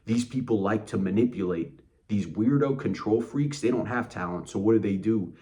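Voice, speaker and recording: Low-voiced male host, blunt, contemptuous ranting, swears freely. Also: normal speed, mellow. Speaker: motivational channel host. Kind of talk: angry motivational rant.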